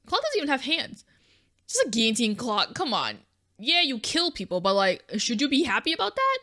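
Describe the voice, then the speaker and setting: A young woman streamer giving casual, joking commentary with quick asides while she plays a game. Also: high-pitched, huge pitch swings, sharp tone. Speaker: let's play streamer. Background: game music.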